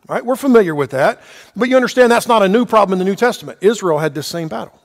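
A man's voice: high voice, expressive, fast, long reverb tail. A man teaching a Bible lesson verse by verse, asking his listeners questions and checking in with "okay" often.

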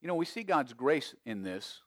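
A man preaching a sermon as pastor, emphatic, with big swings between loud and quiet and frequent restarts. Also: medium pitch, very animated, normal speed, no echo, studio quality. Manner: frequent repeated words and restarts.

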